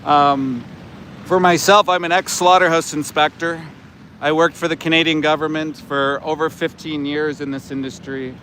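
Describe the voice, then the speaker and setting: A man's voice: a little high, steady tone, normal speed, sharp tone, a little hiss or hum. A middle-aged man doing livestream commentary outdoors, blunt, profane and indignant. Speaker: animal rights activist, livestreamer. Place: outdoors by a roadside.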